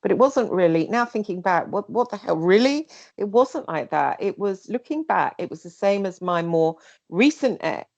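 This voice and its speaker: A woman telling a personal story in casual chat, rambling and animated, sometimes mimicking other people. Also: mid-range voice, moderate pace, vocal fry, no room sound, muffled recording. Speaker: guest.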